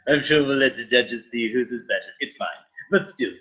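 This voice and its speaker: A man's voice: mid-range voice, a little fast, pushed and bright, breathy edge. A man playing a tabletop game, rambling through self-assured explanations in character. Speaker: player. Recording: distant dull sound.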